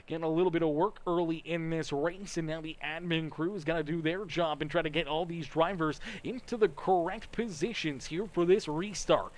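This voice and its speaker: A man giving play-by-play commentary on a sim racing livestream, rattling off driver names and rising to excited shouts when cars make contact. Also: on the high side. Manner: rapid-fire, rises to excited shouts on action.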